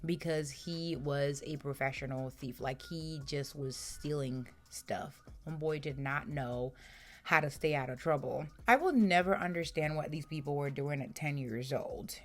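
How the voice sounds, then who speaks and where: A woman with a fairly low voice talks casually to camera, chatty and warm in delivery, throwing in "y'all". Her voice is strained and roughened, and she can't reach her higher notes. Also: a little slow. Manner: chatty, uses "y'all", laughs at her own stories. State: strained voice, upper register gone. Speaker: true crime channel host. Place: home room, lawn mowing heard outside.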